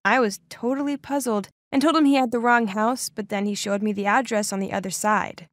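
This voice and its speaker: A woman's voice: mid-range voice, fairly even intonation, a little fast, no echo, studio quality. A young adult woman narrating a first-person story in a scripted, emotive, dramatic way.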